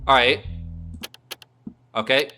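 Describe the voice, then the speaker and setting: A man streaming a video game, giving excitable, jokey commentary and swearing often. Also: mid-range voice, takes it slowly, faint music behind. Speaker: gaming streamer. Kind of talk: let's-play commentary.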